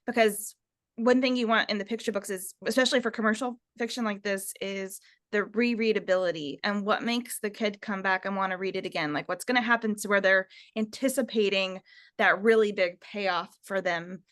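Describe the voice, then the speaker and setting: A woman's voice: mid-range voice, steady tone, normal speed, a bit bright. Woman talking through notes on a kids book, thoughtful, middle voice. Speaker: manuscript critic. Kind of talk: critique discussion.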